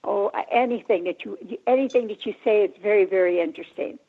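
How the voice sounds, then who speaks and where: A woman's voice: medium pitch, fast, slight background noise. Sweet woman in her nineties on phone. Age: 90s. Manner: sweet, gently teasing. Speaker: caller. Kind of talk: casual phone chat. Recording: phone line.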